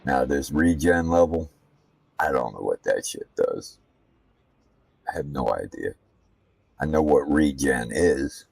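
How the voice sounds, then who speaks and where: A man with a very deep, gravelly voice talks slowly and bluntly, swearing freely as he gives casual commentary between practice laps. His voice sits a bit back from the mic, with a dry room around it. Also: expressive, a little mellow, no room sound, distant mic. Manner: profane, ranting, blunt. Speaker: sim racing streamer.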